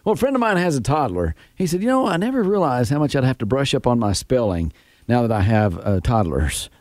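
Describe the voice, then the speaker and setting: A man's voice: mid-range voice, big pitch swings, brisk, darkish tone, a little hiss or hum. A middle-aged man co-hosting a radio show, chatting casually, laughing often and telling stories about his son. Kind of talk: casual morning radio banter.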